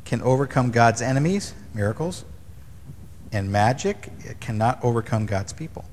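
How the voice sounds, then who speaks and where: A man teaching from the Bible in a relaxed, wry way, reading verses and retelling stories. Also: medium pitch, normal speed, long reverb tail, a little hiss or hum. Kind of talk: casual teaching chat.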